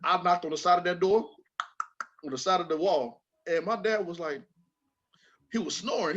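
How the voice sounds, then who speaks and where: A man hosting a podcast, telling a childhood story in a casual, animated way with plenty of swearing. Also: high-pitched, normal speed, long pauses, dull audio, a little hiss or hum. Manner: animated, swearing, repeats words when excited. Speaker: podcast host.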